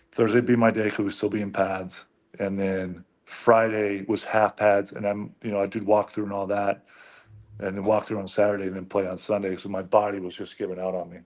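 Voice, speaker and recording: A middle-aged man with a lowish voice talks through his stories as a radio guest. He is chatty and laid-back, with plenty of ums and you-knows as he goes. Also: darkish tone. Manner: storytelling, chatty with many fillers. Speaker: guest, former pro football lineman turned coach. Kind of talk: casual interview talk.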